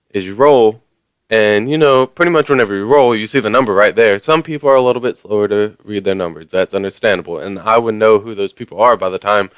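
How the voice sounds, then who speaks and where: A man's voice: on the low side, fairly bright tone, smooth, dry recording. A man ranting casually to his viewers, rambling along with lots of fillers and mild swearing. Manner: conversational, many fillers. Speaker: vlogger. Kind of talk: casual rant to camera.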